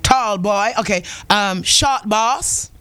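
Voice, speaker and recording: A woman's voice: mid-range voice, slow, fairly bright tone, smooth, no room sound. A woman hosting a radio call-in chat, playful and teasing, laughing often. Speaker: radio show host.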